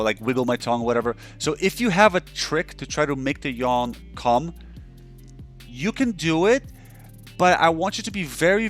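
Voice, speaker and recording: A man's voice: a little high, a bit bright. Man explaining on webcam, faint music. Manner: loose and conversational, often checking in with "right?" and "okay?". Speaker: counselor. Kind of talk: instructional explanation.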